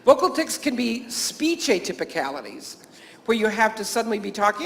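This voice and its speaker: High-voiced man telling chatty anecdotes. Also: sing-song, normal speed, vocal fry, slight background noise. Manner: anecdotal, chuckling often, many fillers and restarts. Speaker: teacher and camp staff speaker. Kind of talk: conference talk to health professionals.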